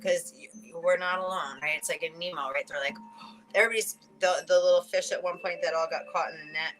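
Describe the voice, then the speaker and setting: A woman hosting a casual spiritual reading, chatting and laughing between thoughts, swearing casually and slowing down to read card messages aloud. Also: fairly low pitch, fairly even intonation, a bit bright, rough recording. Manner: reads oracle card messages aloud slowly. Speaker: spiritual reader and channel host.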